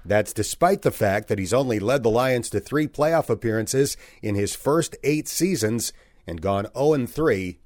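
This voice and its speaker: A man's voice: mid-range voice, dry recording, clean studio sound. Polished male sports broadcaster. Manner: polished scripted delivery with stats. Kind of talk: broadcast segment hosting.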